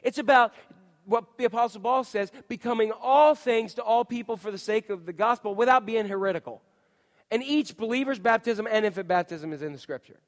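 A man's voice: high voice, brisk. A male pastor preaching a sermon, telling stories with energy and now and then acting out voices. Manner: animated storytelling, acts out voices and shouts. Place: church sanctuary. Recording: long reverb of a church hall.

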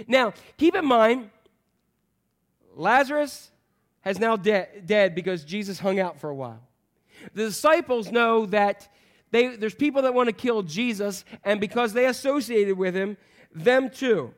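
Animated, higher-pitched male pastor preaching. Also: a little slow. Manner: animated and joking, acting out voices of the people in the story. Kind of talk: sermon.

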